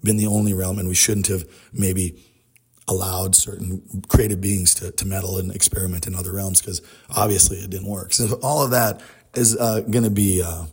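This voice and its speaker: A man's voice: low-pitched, steady tone, moderate pace, darkish tone, slightly rough. A man giving a rambling spiritual monologue, trailing off and restarting his thoughts as he goes.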